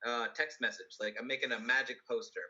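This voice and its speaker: A man's voice: medium pitch, fairly even intonation, quick pace, sharp tone, lo-fi sound. A man playing a tabletop game, explaining his plans hesitantly with many fillers. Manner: hesitant, lots of ums and likes. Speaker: player.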